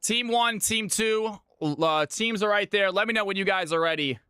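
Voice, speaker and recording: A man hosting a live game stream, energetically giving shout-outs to chat and calling out teams. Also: sits high, normal speed, smooth, no room sound, studio quality.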